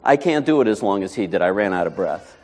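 A man's voice: fairly low pitch, animated, fast talker, a little mellow. A man preaching a sermon as pastor, telling a folksy story with asides before rising to emphatic preaching. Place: church sanctuary. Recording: long hall reverb.

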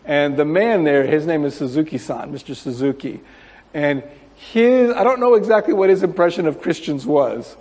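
A man, a missionary, tells stories to a church congregation in a relaxed way, with many fillers. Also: a little high, moderate pace. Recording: long reverb of a large hall.

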